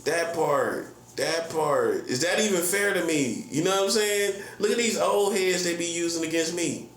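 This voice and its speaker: A man's voice: a little high, normal speed, a bit bright. A man in his forties, a prophet, ranting casually in slangy, repetitive, boastful talk. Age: 40s. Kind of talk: casual vlog rant. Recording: echoey room with faint hum.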